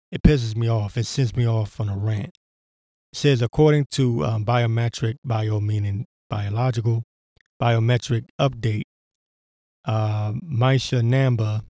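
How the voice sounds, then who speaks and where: A man rants through news stories on his podcast, cursing freely, mocking what he reads, and stumbling over filler words. His voice is mellow and dark. The recording is dry and close, with no room sound. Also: mid-range voice, no room sound. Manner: profane, sarcastic, rambling with frequent fillers. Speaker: podcast host. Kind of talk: ranting commentary reading news aloud.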